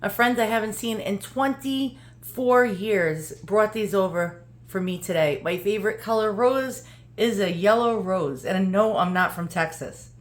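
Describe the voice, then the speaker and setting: A woman's voice: mid-range voice, unhurried. A woman with a New York accent, chatting casually and bluntly through an unboxing, joking and swearing now and then. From New York, USA. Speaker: vlogger.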